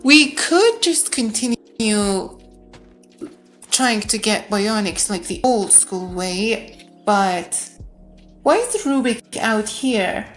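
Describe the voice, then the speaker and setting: A woman's voice: medium pitch, lively intonation, slow pace, faint music behind. A woman playing a video game and commenting as she goes, thinking aloud, reading out on-screen text and correcting herself. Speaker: gamer. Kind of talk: let's-play commentary.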